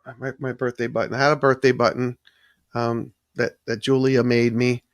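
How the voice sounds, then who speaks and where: A man's voice: mid-range voice, level tone, normal speed, dry recording. A man hosting a live stream, chatting casually and rambling as he thanks viewers in the chat. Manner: rambling, restarts sentences often and thanks chat viewers by name. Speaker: livestream host.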